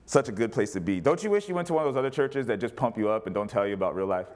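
A man preaching as a pastor, animated, rising to loud cries and dropping to quiet asides. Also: lowish voice, rapid-fire. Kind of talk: sermon.

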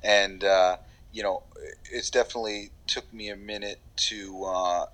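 A man's voice: lowish voice, level tone, measured pace, fairly bright tone, rough recording. A man from New York, a voiceover actor, talking in a loose, rambling way with casual swearing in a podcast interview. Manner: rambling, many fillers and restarts, casual swearing.

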